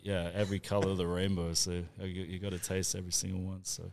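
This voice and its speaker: A man's voice: low voice, level tone, quick pace, gravelly, darkish tone. A man with an Australian accent, telling a rowdy, laughing anecdote as a podcast co-host. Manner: laughing, swearing, rambling anecdote. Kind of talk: casual storytelling among mates.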